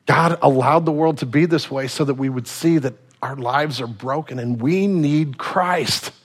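A male pastor preaching a sermon in a casual, animated storytelling manner. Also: on the high side, measured pace, husky.

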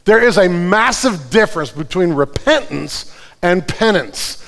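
Higher-voiced man preaching in a reverberant hall. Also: lively intonation, a little slow. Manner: earnest, swings from fervent prayer to quiet explanation. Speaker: pastor. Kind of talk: sermon.

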